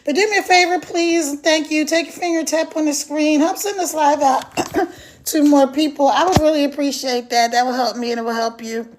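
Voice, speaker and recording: A woman's voice: high-pitched, steady tone, normal speed, background noise. A woman hosting a casual phone live stream, chatty and repetitive, greeting viewers by name. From United States. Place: mountains of Virginia.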